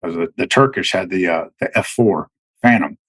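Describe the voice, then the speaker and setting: A man's voice: low voice, normal speed, fairly bright tone, breathy edge, dry recording, rough recording. A middle-aged man, a military veteran, telling stories as a podcast guest in a rambling way, full of restarts and fillers. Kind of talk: casual storytelling.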